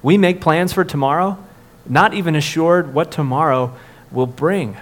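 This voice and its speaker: A man's voice: on the high side, normal speed. A man, a pastor, preaching a sermon in a conversational way, with fillers and restarts, rising for emphasis on key points.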